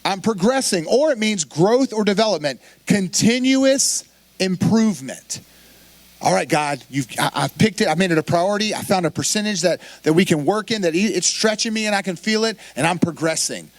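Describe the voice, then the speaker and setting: A man preaching a sermon as pastor, in an animated, conversational way with lots of quoted asides. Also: high voice, moderate pace, dry recording. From Florida.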